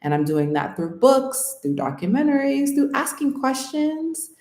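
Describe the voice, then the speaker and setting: An American channel host, interviewed casually and reflectively, has a high, sing-song, slightly mellow voice and a measured pace. She speaks earnestly, working through thoughts out loud and often asking "right?", while the room adds a roomy echo.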